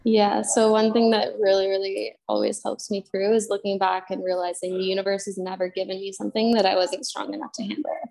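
A woman's voice: medium pitch, a little fast, gravelly, hardly any pauses. Young woman, from Canada, podcast guest, candid, heartfelt storytelling. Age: young adult. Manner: heartfelt, quotes herself and others in lively re-enactments.

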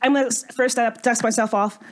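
A woman's voice: on the high side, fairly even intonation, fast. A woman playing a tabletop game, talking in a chatty, self-correcting way. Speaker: player. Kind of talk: casual tabletop game chat.

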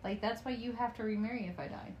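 A woman's voice: a little high, quick pace, a little mellow, echoey room, lo-fi sound, slight background noise. A young woman co-hosting a casual podcast with her partner, playful and teasing, laughing often as she talks. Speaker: podcast co-host. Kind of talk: casual couple's podcast chat.

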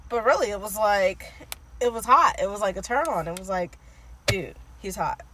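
A woman's voice: medium pitch, animated, brisk, noisy background. A woman co-hosting a podcast, gushing in casual chat and filling her talk with "like" and "um.". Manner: gushing, filler-heavy with lots of "like". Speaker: podcast co-host.

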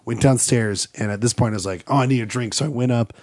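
A man's voice: medium pitch, quick pace, no room sound. A young man from Salt Lake City, telling stories in a casual podcast chat and acting out quotes. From Salt Lake City, Utah. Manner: animated, acts out quotes in put-on voices, laughs often. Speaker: podcast co-host.

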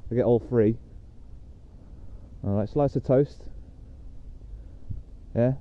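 A man's voice: mid-range voice, takes it slowly. Rambling man, tinny phone-like sound. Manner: rambling and chatty, with many fillers. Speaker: podcast host. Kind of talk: casual solo rambling podcast. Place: outdoors on a dog walk.

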